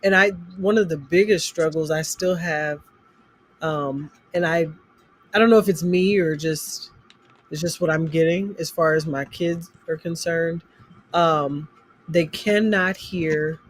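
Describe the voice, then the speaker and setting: A language teacher in a relaxed chat, describing classroom struggles with frequent pauses and laughter. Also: mid-range voice. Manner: unhurried, trails off with fillers, laughs at own stories. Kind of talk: casual conversation about teaching.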